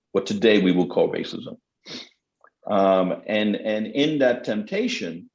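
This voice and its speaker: A man's voice: medium pitch, darkish tone, reverberant, dull audio. A middle-aged man, a theologian answering questions in a panel talk, speaking with passion and emphasis.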